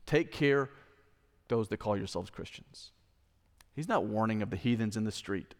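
A man's voice: lowish voice, lively intonation, moderate pace, long reverb tail. A male pastor preaching a sermon. He speaks earnestly and with emphasis, repeats key phrases and asks the congregation direct questions. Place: church sanctuary.

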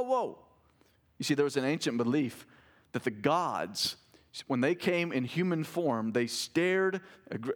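A man preaching a sermon as a pastor, reading scripture aloud with rising, animated emphasis. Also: medium pitch. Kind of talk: expository sermon.

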